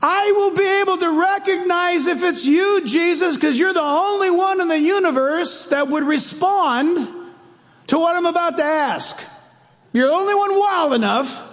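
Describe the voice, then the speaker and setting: A man voicing a big, burly, impatient fisherman who blurts out gruff, exasperated remarks. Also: sits high, lively intonation, normal speed, big-room sound. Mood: eager.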